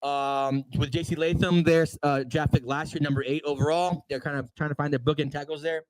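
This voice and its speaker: A man co-hosting a casual sports livestream, rattling through news items with quick offhand asides. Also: on the high side, steady tone, no room sound, poor audio. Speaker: podcast co-host.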